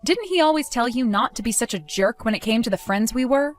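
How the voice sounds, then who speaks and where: A woman in a dramatized story, speaking as a wronged fiancée, calm, cold and accusing, over faint music. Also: a little high, fairly quick. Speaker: wronged fiancée telling her side.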